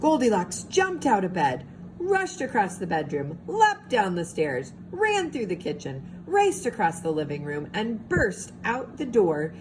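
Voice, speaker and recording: A woman teacher reading a storybook aloud to young children, expressive and pausing to ask them questions. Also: mid-range voice. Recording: steady background hiss.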